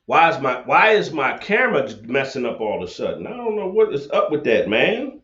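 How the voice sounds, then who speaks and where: A man's voice: medium pitch, very animated, a little fast, fairly bright tone. Confrontational man ranting on a livestream. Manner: confrontational, preachy, repeats himself. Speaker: livestream debate host. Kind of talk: livestream rant and call-in debate. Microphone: laptop webcam setup. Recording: echoey, dull lo-fi webcam audio.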